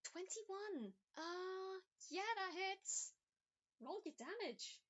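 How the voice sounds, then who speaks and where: Woman gm narrating a tabletop game, high bright voice, chatty, lots of ums. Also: expressive, extremely slow, highs cut off. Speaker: game master.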